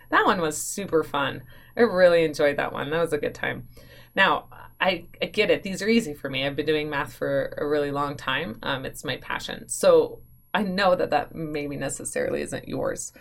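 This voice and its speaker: A woman teaching math in a recorded lesson, with a low voice that has a gravelly, creaky edge. She talks her students through each step in a chatty, eager way, stopping often to catch and fix her own slips. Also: normal speed, fairly bright tone, slight background noise. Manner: enthusiastic, chatty, corrects herself aloud.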